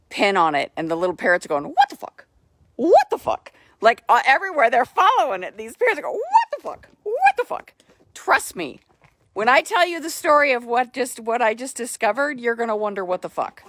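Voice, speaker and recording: A woman giving a casual live video update about her horse, excitable and gushing, repeating herself, talking into a phone held close outdoors. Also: mid-range voice, no room sound. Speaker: horse owner vlogger.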